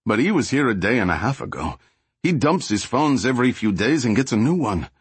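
A man voicing a panicky young male gang member who pleads and babbles in a high, strained voice. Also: very animated, breathy edge, dry recording. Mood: defensive. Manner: pleading, fast and high-pitched.

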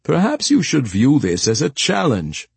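A man's voice: mid-range voice, huge pitch swings, measured pace, creaky, a little mellow, slightly rough, no room sound, voice pushed up, exaggerated voice. A man voicing a wry old castle steward who speaks in a formal, coaxing way.

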